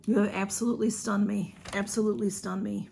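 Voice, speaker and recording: A woman's voice: mid-range voice, flat delivery, fairly quick, gravelly, a little mellow, a little hiss or hum. Gushing woman unboxing a gift. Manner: gushing, exclaims the sender's name, chatty with fillers. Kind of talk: casual unboxing chat.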